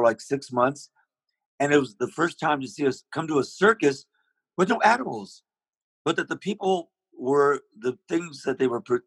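This male interview guest, a singer, rambles casually through long stories about his singing and keeps starting over. He has a husky, medium-pitched voice. There's no room sound, and the recording is rough.

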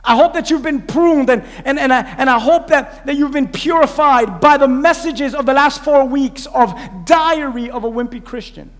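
A man preaching a sermon, pausing to quiz his congregation and have them repeat lines back. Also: very high-pitched, in a large hall. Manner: call-and-response preaching, quizzing the congregation. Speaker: pastor. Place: church sanctuary.

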